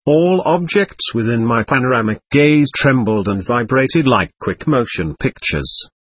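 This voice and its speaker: A man narrating an audiobook in a measured, earnest reading. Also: mid-range voice, animated, slightly rough, no echo. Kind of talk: scripted narration.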